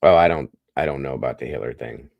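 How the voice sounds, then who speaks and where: A man's voice: rumbling low, quick pace, gravelly, dry recording, lo-fi sound. A man hosting a live stream, chatting casually with his viewers and often calling them guys, while he has the hiccups.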